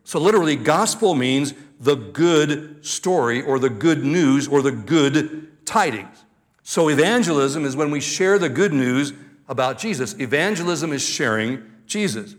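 An older man, a grandfather, preaching a sermon as pastor, reading scripture aloud and then teaching with slow, deliberate emphasis on key words. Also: fairly high pitch, animated.

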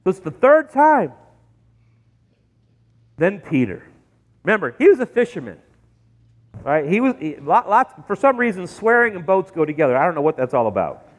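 Pastor preaching in a reverberant church. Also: male voice, sits high, normal speed, pauses often. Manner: animated storytelling, acting out quoted voices. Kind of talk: sermon. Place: church sanctuary.

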